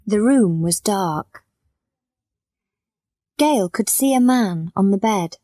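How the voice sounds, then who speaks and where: A woman narrating a graded-reader story for learners in a slow, clear, plain way. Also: medium pitch, lively intonation, warm tone, no echo, clean studio sound.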